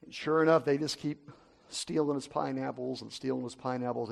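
A man preaching a sermon as an animated storyteller, swinging between loud and hushed. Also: mid-range voice, fairly quick, gravelly.

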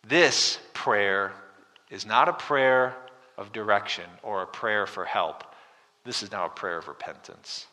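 A male preacher delivering an expository sermon in a church hall. His voice is bright and forceful, and it carries a long, reverberant tail. He moves from loud emphasis to quiet intensity and keeps asking the listeners questions. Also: on the low side, measured pace. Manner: dramatic, swings from loud emphasis to hushed.

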